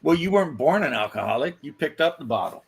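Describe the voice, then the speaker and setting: A man's voice: on the high side, very animated, quick pace, creaky, husky. A man in casual podcast chat, blunt and offhand, telling a story.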